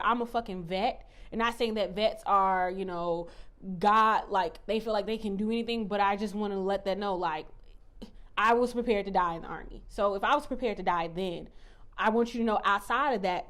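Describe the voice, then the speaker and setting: A woman talking casually as a tarot reader in a vlog, blunt and defiant and swearing freely, recorded on a phone mic. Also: mid-range voice.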